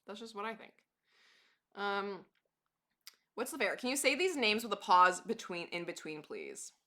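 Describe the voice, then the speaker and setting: A woman's voice: medium pitch, very animated, normal speed, pushed and bright. A woman live streamer chatting casually to her viewers, rambling and laughing often.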